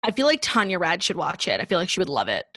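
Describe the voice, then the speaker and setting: A woman's voice: lowish voice, huge pitch swings, fast talker, a bit bright, dry recording. A young woman co-hosting a podcast in casual chat, talking with lots of "like" fillers. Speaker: podcast co-host.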